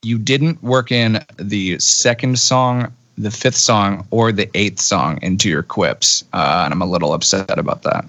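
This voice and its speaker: A British man in his role as a podcast guest, speaking in a relaxed, self-mocking way. His voice sits low. The sound is dry and close, with no room echo. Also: measured pace, few pauses. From Britain. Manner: self-deprecating, laid-back. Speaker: musician guest. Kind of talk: casual interview chat.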